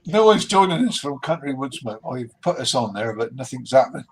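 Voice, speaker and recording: A man's voice: medium pitch, sing-song, a little fast, rough recording. A man hosting a casual livestream chat, talking loosely and laughing, calling people mate. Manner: chatty, laughing, says mate. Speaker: livestream host.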